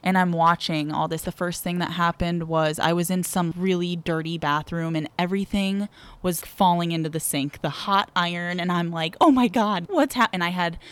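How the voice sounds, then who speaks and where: A woman's voice: fairly low pitch, level tone, normal speed, fairly bright tone, clear, resonant tone, no room sound. A woman guest on a podcast, telling a personal story frankly and vividly, holding nothing back.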